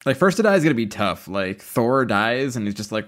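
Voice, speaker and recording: A man's voice: medium pitch, lively intonation, brisk, hardly any pauses, a bit bright. A man co-hosting a podcast, chatting and explaining his opinions with many "like"s. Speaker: podcast co-host. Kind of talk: casual chat about a TV show.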